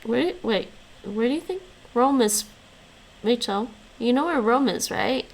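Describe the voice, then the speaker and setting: A woman's voice: on the high side, animated, a little slow, gravelly, rough recording. A woman streaming her language study, reading lesson notes aloud and chatting with her viewers, laughing often. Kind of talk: casual live-stream chat.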